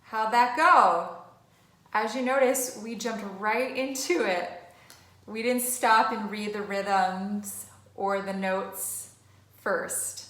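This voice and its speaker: A woman's voice: mid-range voice, slow, fairly bright tone. A woman music teacher giving an online lesson, encouraging and chatty. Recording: echoey room.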